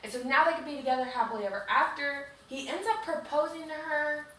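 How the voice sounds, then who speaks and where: A podcast co-host with a high, sharp-toned voice talks fast, recapping a book in a casual chat. She rambles through the story, chatty and full of "like." The very echoey room, distant mic and faint hiss are all audible.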